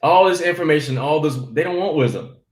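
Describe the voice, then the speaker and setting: A man, a comedian, telling stories in a lively casual chat and acting out quotes as he goes. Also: a little high, fairly quick, reverberant. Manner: animated storytelling with acted quotes. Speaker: guest comedian.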